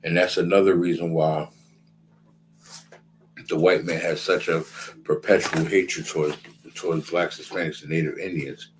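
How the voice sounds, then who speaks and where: A man's voice: low voice, flat delivery, moderate pace, long pauses, a little hiss or hum, poor audio. A man giving a casual scripture lecture in a repetitive, conversational way, often checking in with his listeners. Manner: repetitive, conversational, keeps asking "you understand?". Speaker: religious class teacher.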